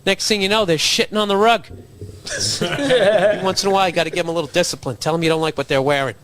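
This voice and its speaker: Man, podcast host, comedic rant, profane, cocky, fairly high voice. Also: brisk, a crowd in the background. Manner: crude, profane, swaggering, laughing at his own jokes.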